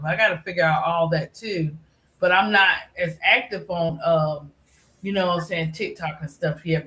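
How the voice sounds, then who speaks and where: A woman's voice: on the low side, fairly bright tone. A middle-aged woman chatting casually as a live-stream panelist, rambling with lots of "you know" fillers. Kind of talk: casual chat. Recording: echoey room.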